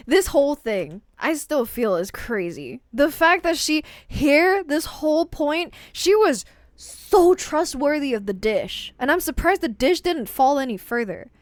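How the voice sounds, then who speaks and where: A woman's voice: sits high, sing-song, unhurried, no room sound, studio quality. A woman streaming herself as she reacts to a movie, chatting casually, rambling, and often repeating words as she trails off. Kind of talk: casual live-stream commentary.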